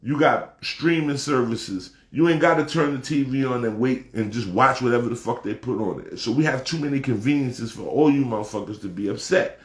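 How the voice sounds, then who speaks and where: A man delivering a heated, profane casual rant, talking with emphasis and rising to shouts. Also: medium pitch, fairly quick, hardly any pauses, reverberant. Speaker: commentator.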